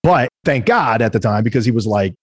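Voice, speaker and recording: Fast-talking husky man telling stories. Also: medium pitch, no room sound. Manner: fast, animated storytelling, acting out quoted people. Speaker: podcast guest, entrepreneur. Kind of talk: casual storytelling interview.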